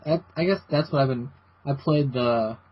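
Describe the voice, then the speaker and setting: Male podcast host, mid-pitch, rambly and halting, dull lo-fi recording. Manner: rambling, halting, many restarts. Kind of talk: casual gaming podcast chat. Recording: dull lo-fi podcast audio with faint hiss.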